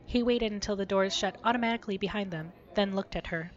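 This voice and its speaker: A woman co-hosting a podcast, reading a story aloud with lively expression and joking banter. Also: medium pitch, quick pace, highs cut off. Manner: expressive, giggly.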